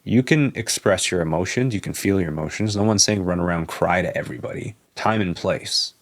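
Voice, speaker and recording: A man's voice: deep voice, fairly quick. A young man speaking as a podcast guest, earnest and persuasive, often tagging points with "right?". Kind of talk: casual interview talk.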